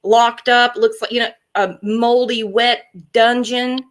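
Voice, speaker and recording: Mocking woman co-host, fairly high voice. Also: level tone, takes it slowly. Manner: mocking, rhetorical questions. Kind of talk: casual podcast discussion.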